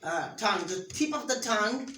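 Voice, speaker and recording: A patient teacher runs an interactive classroom lesson, putting questions to pupils and modelling each sound for them to say back. The voice sits at a middle pitch and is caught from a distance in a roomy classroom. A faint hiss of noise runs underneath. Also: expressive, normal speed, bright, forceful tone.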